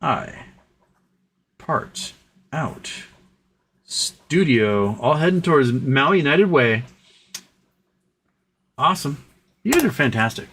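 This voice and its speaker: A man's voice: a bit bright, a little hiss or hum. Rambling man hosting a casual livestream. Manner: rambling, talks to his dog in a high coaxing voice. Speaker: livestream host. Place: home during a thunderstorm.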